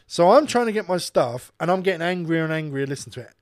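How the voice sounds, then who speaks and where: A man's voice: a little high, expressive, quick pace, no echo. A man with a slightly raised voice launches into a furious, swear-laden rant, acting out the people in his story as he goes. The sound is dry and close, with no room around it. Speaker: podcast co-host and radio presenter. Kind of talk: casual chat, ranting anecdote.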